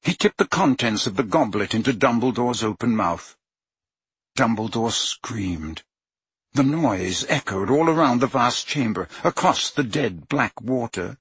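A man reads a story aloud in a slow, deliberate delivery, his voice breathy and husky. His pitch moves lively through the sentences, and the recording is close and dry with no room sound. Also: no room sound. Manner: expressive, unhurried storytelling with voiced characters. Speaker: audiobook narrator. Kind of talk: dramatic audiobook reading.

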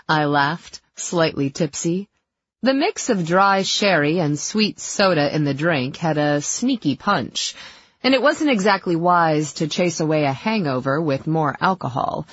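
Husky lady reading a novel, a bit low, dry muffled sound. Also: animated, measured pace, dry recording. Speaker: audiobook narrator. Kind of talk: scripted first-person narration.

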